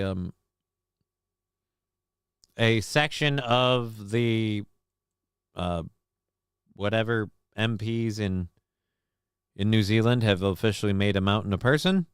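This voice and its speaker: A man's voice: fairly low pitch, smooth, no echo. A man hosting a casual live-stream talk show, rambling and sardonic with many fillers and restarts, on a close mic.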